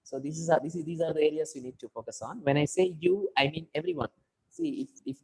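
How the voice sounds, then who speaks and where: A man's voice: on the high side, darkish tone, poor audio. A man with an Indian English accent coaching an online speaking class. He gives long, explanatory feedback over a video call and leans on "you know" and "okay, right.".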